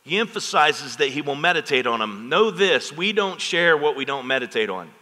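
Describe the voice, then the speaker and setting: A middle-aged male pastor preaching to his congregation, his voice bright and forceful and a little higher than most men's. He keeps pulling the room in with call-and-response asides. The sound carries a long reverb from the church hall. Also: very animated, moderate pace. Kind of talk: sermon. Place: church sanctuary.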